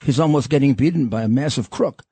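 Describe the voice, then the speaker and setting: An older man hosting a casual political talk show, animated and repeating his words as he talks. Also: medium pitch, fast, slightly rough, no room sound.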